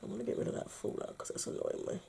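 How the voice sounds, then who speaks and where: A woman's voice: very fast, mellow, slight background noise. A woman from the United Kingdom chatting through a makeup tutorial and often dropping to a whisper as she works. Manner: chatty, often drops to a whisper while working. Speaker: makeup vlogger.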